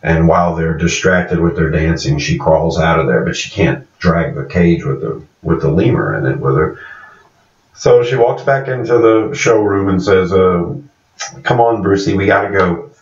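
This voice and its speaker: A man's voice: low voice, moderate pace. A man reviewing a TV series in a casual, rambling recap, stopping now and then to correct himself on character names. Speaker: show reviewer. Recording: echoey, dull-sounding room from a distance.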